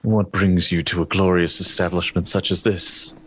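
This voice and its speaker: A man's voice: low-pitched, level tone, normal speed, fairly bright tone, husky, rough recording. A man playing a tabletop game in character, dry and wry. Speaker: player.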